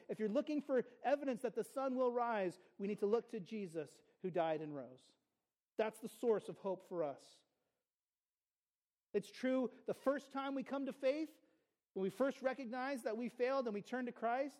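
A pastor delivering a sermon in a notably high voice. He talks earnestly and conversationally, slipping in playful asides for his listeners. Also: dark tone.

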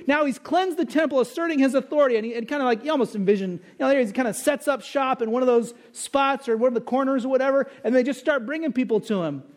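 A man preaching an expository sermon in a conversational, animated way, asking rhetorical questions and answering them. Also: very high-pitched. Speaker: pastor.

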